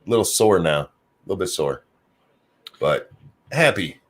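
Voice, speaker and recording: A man's voice: deep voice, lively intonation, moderate pace, fairly bright tone. A middle-aged man hosting a live-stream podcast in casual chat, joking and laughing off his own slip-ups. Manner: joking, laughs off flubbed intros. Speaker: podcast host.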